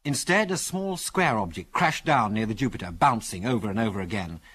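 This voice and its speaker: Husky-voiced man narrating an adventure story. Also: on the low side, a little fast. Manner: dramatic storytelling, animated delivery.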